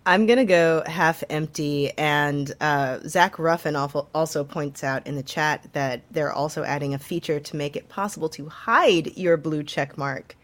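A woman's voice: low voice, moderate pace, few pauses. A woman co-hosting a casual news chat show, talking loosely with plenty of fillers. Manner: chatty, lots of fillers and laughs. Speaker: co-host.

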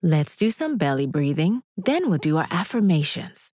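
A woman hosting a children's podcast, gently and encouragingly leading breathing exercises and affirmations. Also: low-pitched, very animated, normal speed, no echo, clean studio sound. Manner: gentle, encouraging, sing-song. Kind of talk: guided breathing and affirmations for kids.

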